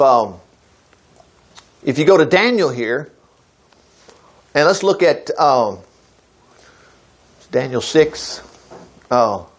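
An older man leads a casual Bible teaching, reading verses aloud and stopping to comment. His voice sits high and swings widely in pitch. He talks in a relaxed, chatty way and then rises into emphatic bursts. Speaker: preacher.

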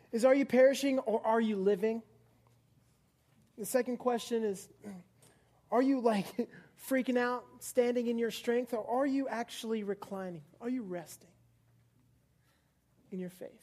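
Chatty, higher-voiced young woman preaching. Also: measured pace, long pauses, mellow. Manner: chatty and playful, laughs often, fillers, acts out scenes. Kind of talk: casual youth sermon. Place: church service before a live congregation.

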